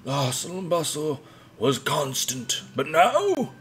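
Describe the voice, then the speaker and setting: A man voicing a gruff, stern old village elder in a strained, high old-man voice over faint game music. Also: big pitch swings, slow pace, a bit bright, slight background noise, full character voice. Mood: wistful.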